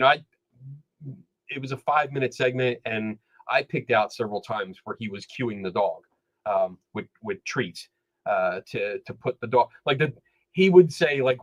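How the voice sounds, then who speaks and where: A man's voice: medium pitch, rough recording. A man, a skeptical investigator, chatting casually on a podcast and acting out the people he quotes. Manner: animated storyteller, acts out quoted dialogue. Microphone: studio microphone.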